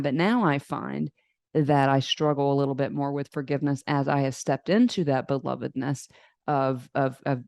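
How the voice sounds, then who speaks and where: A woman's voice: deep voice, a little mellow, dry recording. Earnest woman podcast host, dry sound. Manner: earnest, speaks scripture encouragingly. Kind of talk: faith-based interview podcast.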